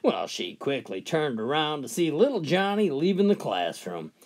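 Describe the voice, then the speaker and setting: Male joke teller, folksy and drawn out, very lively pitch. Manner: folksy, drawn-out delivery, pitch swinging widely between characters. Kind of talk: storytelling jokes with character voices.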